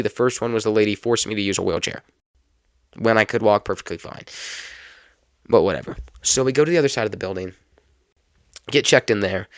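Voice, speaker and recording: A young adult man hosting a podcast, telling a personal story in a lively, casual way and laughing now and then. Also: fairly low pitch, dry recording, clean studio sound. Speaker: podcast host.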